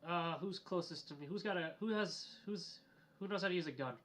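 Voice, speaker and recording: A young man at a tabletop game, talking quickly and eagerly. His voice is bright and forceful, a touch high. He stumbles over repeated words as he rushes his questions. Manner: eager, repeats himself while asking. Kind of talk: casual game chat.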